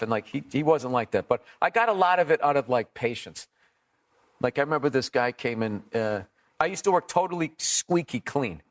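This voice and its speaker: Profane comedian telling stories. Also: male voice, medium pitch, a little fast. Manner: profane, animated storyteller acting out quotes. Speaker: comedian guest. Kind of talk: storytelling interview.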